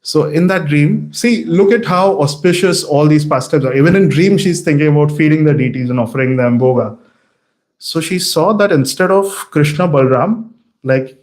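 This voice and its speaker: A man giving a scripture class in a temple hall, telling the stories with animated energy and many fillers. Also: fairly high pitch. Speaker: class speaker.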